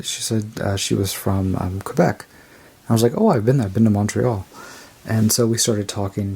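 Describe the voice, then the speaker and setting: A man with a low, gravelly voice shows off a tarot deck card by card. His delivery is rambling and unhurried, with a husky, slightly rough edge. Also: a little mellow. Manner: rambling and unhurried, describing cards as he goes. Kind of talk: casual show-and-tell review.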